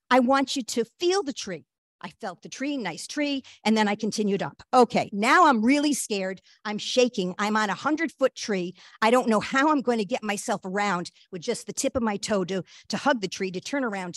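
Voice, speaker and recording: A woman guest telling a personal story in an earnest, halting way, with frequent fillers and restarts. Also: mid-range voice, no echo. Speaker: guest speaker.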